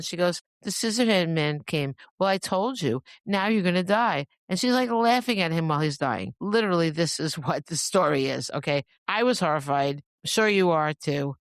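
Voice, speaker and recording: A woman's voice: deep voice, dry recording. Woman host chatting on her podcast, wanders off track a lot, laughs at herself, dry close sound. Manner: rambling, self-interrupting, with laughing asides. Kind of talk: casual solo podcast monologue.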